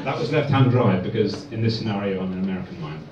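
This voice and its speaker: A man performing a stand-up comedy set in a club, telling deadpan one-liners. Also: lowish voice, fast, far from the mic, heavy background noise. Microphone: far phone recording. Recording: echoey dull phone recording from afar.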